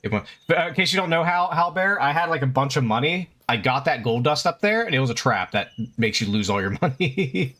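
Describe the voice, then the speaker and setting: A man's voice: on the high side, lively intonation, a little fast, few pauses, bright, forceful tone. A young man casually commenting while he plays a video game, chatty and swearing freely, talking to his chat and to the game. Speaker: streamer. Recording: faint game music behind.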